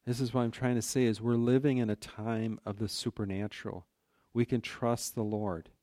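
A man's voice: medium pitch, flat delivery, normal speed, dark tone, dry recording, clean studio sound. A man teaching from the Bible in a conversational, earnest way, often restarting his sentences and adding "you know". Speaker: preacher.

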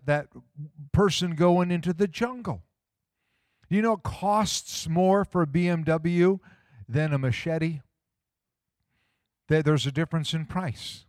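Man preaching folksy, smooth resonant tone, dry close sound; asks the room questions. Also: fairly high pitch, no room sound. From small-town Midwest US. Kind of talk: sermon.

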